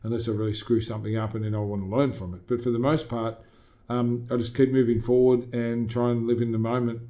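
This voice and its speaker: A middle-aged Australian gym owner, interviewed casually as a guest, talks fast and with conviction, quoting himself as he tries to motivate. His voice is warm and medium-pitched with little pitch movement, and the recording has its highs cut off.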